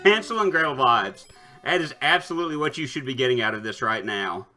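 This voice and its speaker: A man's voice: medium pitch, animated, brisk, sharp tone, soft background music. A man streaming a retro game, casually commenting, joking, and reading the game's text aloud. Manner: playful, joking asides, typing commands aloud.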